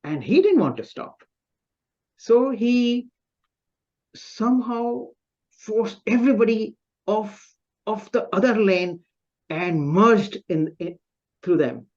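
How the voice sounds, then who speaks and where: Slow, self-mocking man telling a story. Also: high-pitched, animated, a little mellow, muffled recording. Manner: self-mocking, with pauses and restarts. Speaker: club speaker. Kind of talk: humorous personal storytelling speech. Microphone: video call.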